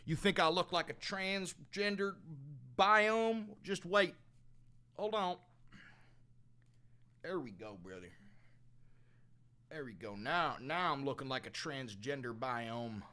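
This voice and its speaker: A young man plays a brash, foul-mouthed livestreamer who calls everyone brother. The voice is bright and pushy, and it swerves between low mumbling and loud outbursts in a comedy sketch. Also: animated, slow, pauses often, clear, resonant tone, exaggerated voice. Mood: swaggering. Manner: swaggering, profane, swings from mumbling to shouting.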